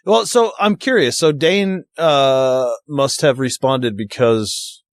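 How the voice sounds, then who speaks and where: A man's voice: medium pitch, slow, no room sound. A man co-hosting a casual podcast, joking and teasing with frequent giggles. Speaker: podcast co-host.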